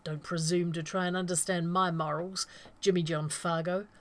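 Brief: a woman reading a prickly, sarcastic male outlaw, indignant and a bit higher than the narration. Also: flat delivery, moderate pace, natural voice. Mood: lecturing.

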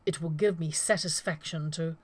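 A woman's voice: deep voice, steady tone, normal speed. A woman reading the lines of an arrogant male gunman sheriff with clipped, formal speech. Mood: haughty.

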